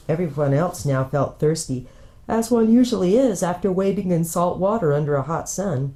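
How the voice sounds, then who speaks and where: A woman pastor with a low, mellow voice reads a children's book aloud. Her storytelling is gentle and unhurried. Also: lively intonation.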